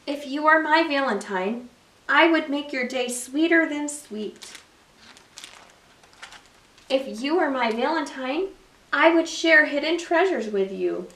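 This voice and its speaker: Library story-time reader: a woman with a high voice reading picture books to kids in an expressive way, recorded from a distance in a roomy space. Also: takes it slowly, long pauses. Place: public library. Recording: echoey room, mic far off.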